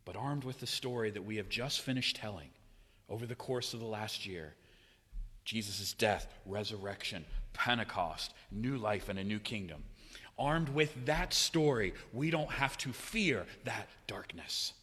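A man preaching a sermon in a church, swinging between loud, raised cries and hushed, low passages. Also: normal speed, slightly rough. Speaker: pastor. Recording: long hall reverb.

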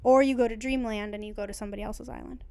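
A woman's voice: a little high, steady tone, racing, warm tone, clear, resonant tone. A young woman chatting casually as a podcast co-host, rambling and laughing often. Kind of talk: casual chat.

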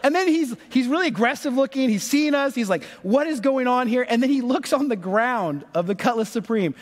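A man in his thirties preaches with a notably high, lively voice, acting out the people in his story. His words ring with the long reverb of a large church hall. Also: a little fast. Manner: animated, acts out voices in stories. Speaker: pastor. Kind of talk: sermon storytelling. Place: church sanctuary.

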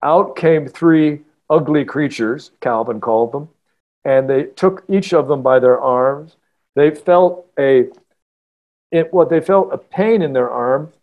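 A man, an author guest on a podcast, telling a story in a halting, earnest way with many restarts. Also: mid-range voice, darkish tone, dull audio. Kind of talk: casual podcast interview storytelling.

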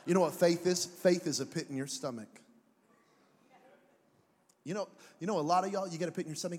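A man preaches with a fairly high, lively voice, cracking jokes and slipping into put-on voices. The sound rings with long reverb through a big hall. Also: fairly quick, long pauses, a little hiss or hum. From Mexican heritage. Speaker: pastor. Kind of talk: sermon.

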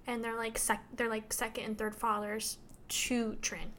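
High, bright-voiced chatty woman. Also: measured pace, slight background noise. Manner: chatty, giggly, animated retelling. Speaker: podcast co-host reviewing a book. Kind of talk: casual chat.

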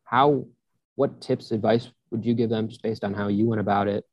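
A man's voice: fairly low pitch, steady tone, normal speed, a little mellow, no room sound. A man hosting a podcast interview, asking loosely phrased questions with frequent restarts. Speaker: podcast host. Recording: dull, slightly muffled dry audio.

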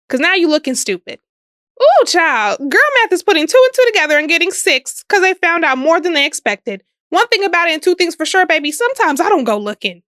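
Sassy high-voiced woman podcaster. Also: very animated, a bit bright, no room sound, clean studio sound. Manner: sassy, emphatic, laughs often, drawn-out stresses. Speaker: podcast host. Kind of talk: casual social media commentary.

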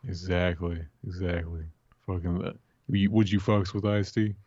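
A man chatting about movies, tripping over his words and swearing as he reaches for what he means. His voice is fairly low. It comes across dry and dull, as if on a lo-fi mic. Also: steady tone, darkish tone, no echo. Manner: halting, profane, stumbling restarts. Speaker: podcast co-host. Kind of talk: casual movie commentary chat.

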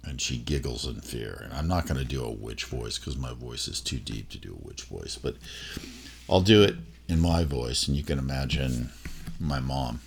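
Middle-aged guy telling an old halloween story, super low gravelly voice, lots of ums and restarts. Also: expressive, a little hiss or hum. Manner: rambling, halting, many fillers and restarts. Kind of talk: personal storytelling.

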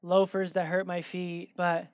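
Male pastor, conversational sermon delivery, animated anecdotes, dry close recording. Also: sits high, measured pace, dry recording. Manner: animated, acts out quoted dialogue in his stories.

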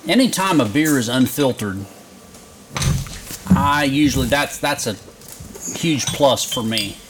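A man's voice: mid-range voice, expressive, measured pace, noisy background. Man chatting keenly about beer. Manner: knowledgeable and enthusiastic about beer. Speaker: guest who brought the beer. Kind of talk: casual beer tasting chat.

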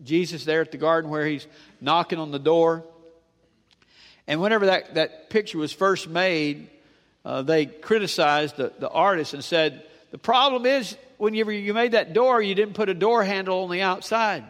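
Male pastor, high voice, animated sermon, church reverb. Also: normal speed. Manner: animated preaching, rising and dropping emphatically. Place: church sanctuary with long reverb.

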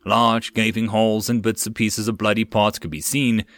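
A man reading a web novel aloud as an audiobook narrator, steady and plain with occasional stumbles. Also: fairly low pitch, normal speed.

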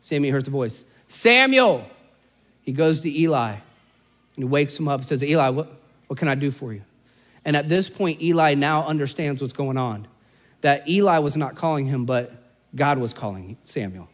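A man's voice: medium pitch, moderate pace. A man preaching a sermon in an earnest, conversational storytelling manner. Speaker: pastor.

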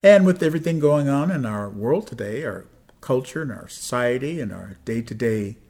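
A man serving as senior minister, reading scripture and a prayer in a measured way, then chatting with "uh" fillers. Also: medium pitch, expressive, darkish tone. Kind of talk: sermon and podcast chat.

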